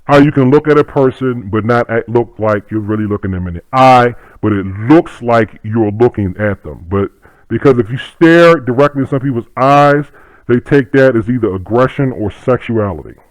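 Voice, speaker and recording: A man's voice: mid-range voice, normal speed, no room sound, low-quality recording. A middle-aged man, a martial arts instructor, talking in a profane, rambling casual monologue.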